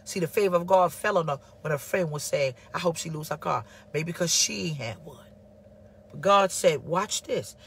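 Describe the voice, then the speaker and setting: A woman's voice: on the low side, animated, moderate pace, slight background noise. A woman pastor preaching a livestreamed sermon, fervent and emphatic, acting out the voices of people in her stories.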